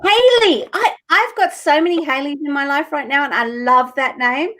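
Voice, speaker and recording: A woman's voice: high-pitched, normal speed, a bit bright. Earnest woman doing spiritual card readings. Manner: earnest, emotional, sweary. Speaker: co-host reading cards for viewers.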